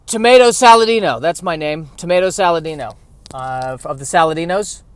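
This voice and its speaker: A man voicing a nervous wannabe mafia boss who stammers and blusters, loud and high. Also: fairly quick, clear, resonant tone, dry recording, natural voice. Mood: flustered bravado.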